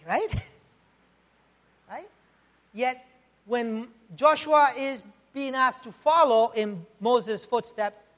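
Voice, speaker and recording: A man's voice: very high voice, a bit bright. A male pastor preaching a sermon, emphatic, often checking in with "right?" and rhetorical questions. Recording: long hall reverb.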